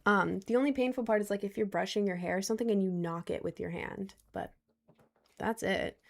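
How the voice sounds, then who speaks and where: A young woman streamer answers her chat in a casual, rambling way, repeating herself and using loose slang. Her voice is medium-pitched, gravelly, and fairly quick.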